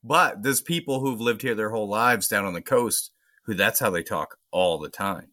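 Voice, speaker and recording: A man's voice: on the low side, normal speed, pushed and bright, no room sound, studio quality. A man from Maine with a light Maine accent, co-hosting a casual podcast chat, joking and swearing freely. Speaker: podcast co-host.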